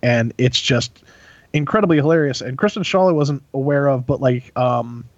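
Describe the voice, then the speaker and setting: A man's voice: medium pitch, normal speed, no echo, dull audio. A man chatting casually on a podcast, rambling with lots of filler words and frequent laughs. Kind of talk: casual chat.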